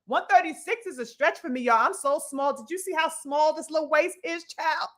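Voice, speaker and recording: A male boxer who whines that he is far too small, put on by a woman doing a mocking impression. The sing-song whine sits high and bright, teasing rather than fully acted. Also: normal speed. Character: boastful male boxer mockingly whining he is tiny.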